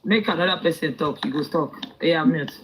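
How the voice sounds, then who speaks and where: A man's voice: a little high, a little fast, fairly bright tone, low-quality recording. A man with a Nigerian accent hosting a live audio chat, calling on speakers one by one. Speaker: host.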